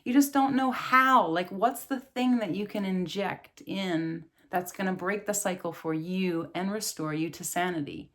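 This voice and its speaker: A woman's voice: fairly low pitch, a little slow, hardly any pauses, fairly bright tone. A woman in her thirties, a yoga and meditation teacher, giving an earnest, casual spiritual talk and laughing often.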